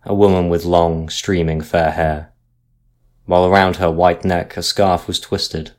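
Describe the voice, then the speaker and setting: A man reading a sea ghost story aloud in a measured, dramatic narration style. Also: deep voice, level tone.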